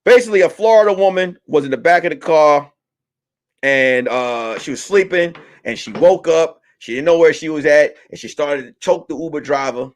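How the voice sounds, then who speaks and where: A man hosting a comedy talk stream, ranting loudly and profanely about the news. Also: on the high side, normal speed. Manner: loud, animated, profane ranting. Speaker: comedian host. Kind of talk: comedic commentary.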